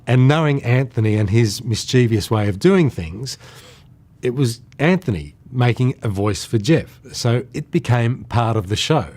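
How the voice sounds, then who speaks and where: A man's voice: medium pitch, animated, unhurried, a little mellow. A middle-aged Australian man casually reminiscing about his years as an entertainer, chatty and rambling, often chuckling as he tells stories. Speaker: entertainer recalling his career.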